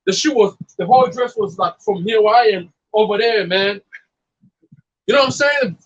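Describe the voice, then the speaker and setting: A man's voice: high voice, moderate pace, slightly rough, lo-fi sound. A man preaching in a casual, profane, fired-up way, mixing scripture with blunt storytelling. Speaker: street preacher.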